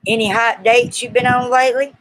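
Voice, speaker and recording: A woman's voice: a little high, fairly even intonation, brisk, noisy background. A woman with a Southern US accent hosting a casual live-stream Q&A, chatty, folksy and teasingly coaxing her viewers.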